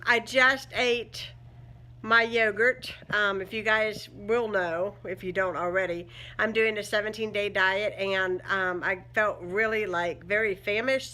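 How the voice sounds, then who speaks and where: Chatting indoors at home for her vlog, a woman rambles casually, full of fillers and frequent laughter. Her voice is medium in pitch, bright, and forceful.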